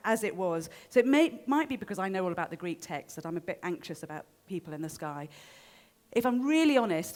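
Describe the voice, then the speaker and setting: Chatty woman giving a stage talk. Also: mid-range voice. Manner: chatty and self-deprecating, with many ums and restarts. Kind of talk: informal public talk to a live audience.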